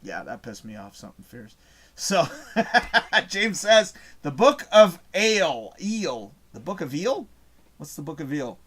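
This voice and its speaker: A man's voice: a little high, sing-song, measured pace, fairly bright tone, husky. A man hosting a live show, reading out chat messages in a casual, rambling way, swearing often and losing his train of thought.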